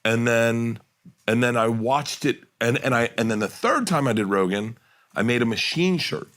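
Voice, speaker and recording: A man's voice: medium pitch, moderate pace. A middle-aged man, a comedian guest, telling casual podcast stories and acting out the people in them. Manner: animated storyteller acting out quotes.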